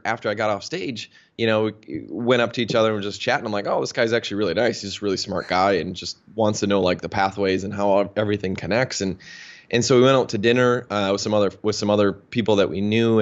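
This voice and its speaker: Talking fast in a lowish voice, a Minnesota man in his thirties who works as a health practitioner tells a story as an interview guest. The chat is casual, and he animates it by voicing the quoted dialogue. The sound is dull and lo-fi.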